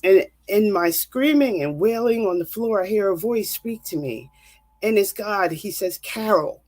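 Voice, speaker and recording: A woman's voice: medium pitch, lively intonation, moderate pace, darkish tone. A woman counselor telling a personal faith testimony in an earnest, vivid storytelling manner. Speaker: counselor and guest.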